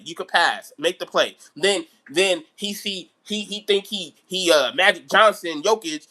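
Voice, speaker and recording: Guy ranting on his live stream, aave, high voice, bright and sharp, keeps repeating himself. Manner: animated, repetitive ranting. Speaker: basketball vlogger. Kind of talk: live-stream sports rant.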